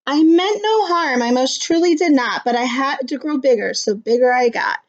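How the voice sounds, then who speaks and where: A boastful, greedy factory owner, read aloud by a woman brags in bouncy rhyming lines with a high voice. The sound is slightly muffled. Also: moderate pace, natural voice. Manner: boastful, rhythmic rhyming delivery.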